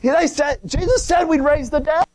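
A man's voice: very high voice, moderate pace, darkish tone. A man preaching a sermon, reading old scripture wording and then explaining it in plain, colloquial talk, calling out praise as he goes. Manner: colloquial, repeats and restarts, calls out "come on now" and "glory".

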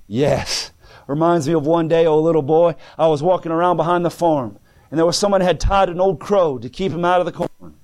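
A male preacher with a somewhat high voice, delivering a sermon in a fervent, folksy way. He tells homely stories in plain speech and swings from soft pleading to ringing calls. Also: brisk. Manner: folksy plain-spoken storytelling. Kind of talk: sermon answering written questions.

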